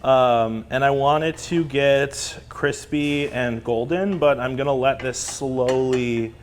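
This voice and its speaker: A man's voice: medium pitch, takes it slowly, a little hiss or hum. A man teaching a live cooking class in a kitchen, chatty, upbeat and self-deprecating, over the sound of sizzling pans and clattering cookware. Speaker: cooking instructor. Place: kitchen studio. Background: sizzling pan and clattering cookware.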